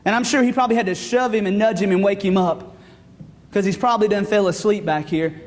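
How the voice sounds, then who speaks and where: A man, a student pastor preaching a sermon in a folksy, animated storytelling way. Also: high-pitched, fairly quick. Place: church sanctuary. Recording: long reverb of a church sanctuary.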